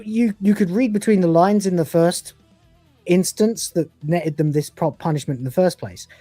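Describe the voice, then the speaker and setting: A man's voice: fairly high pitch, dark tone, no room sound. A man in his forties co-hosting a casual live episode review, crude and swearing, often breaking into laughter. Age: 40s. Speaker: podcast co-host reviewing episodes.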